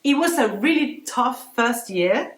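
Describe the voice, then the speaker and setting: A woman's voice: fairly high pitch, unhurried. Chatty woman in a roomy echo. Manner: animated storytelling, acts out quoted voices. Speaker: guest artist. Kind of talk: casual interview chat.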